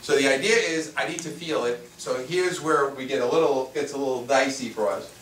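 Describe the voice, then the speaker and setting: In a small room with a live audience, a spiritual teacher runs a workshop, his mid-range voice brisk and fairly bright. He keeps restating his points and asking questions he doesn't expect answered; the far-off mic captures echo and faint noise.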